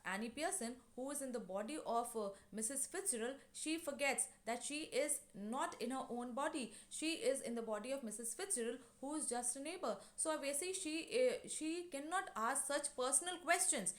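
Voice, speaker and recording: A woman's voice: high voice, animated, normal speed, few pauses. A woman teaching an English class, retelling a play scene with lots of fillers and acting out the lines. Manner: explanatory, many fillers, acts out lines. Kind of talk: classroom lesson explaining a play.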